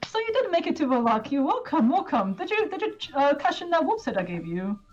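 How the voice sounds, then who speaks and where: A woman's voice: high-pitched, sing-song, a little fast, muffled recording, pitched above the performer's own voice. A woman doing an effusive, flirtatious hunter man. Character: jovial adult male hunter, flirtatious.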